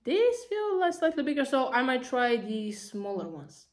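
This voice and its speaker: A woman talking casually through an unboxing, excitable and chatty, gushing over each item with lots of fillers. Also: high-pitched, normal speed, noisy background. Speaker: vlogger.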